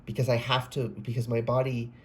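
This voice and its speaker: A man's voice: medium pitch, completely flat delivery, brisk, a bit bright, slight background noise. A man giving a casual, rambling tarot reading, often breaking off mid-sentence, swearing and exclaiming. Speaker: tarot reader.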